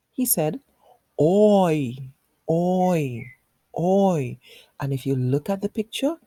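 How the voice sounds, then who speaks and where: Slow, patient woman teacher. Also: fairly low pitch, dark tone, dry recording. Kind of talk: phonics lesson for young children.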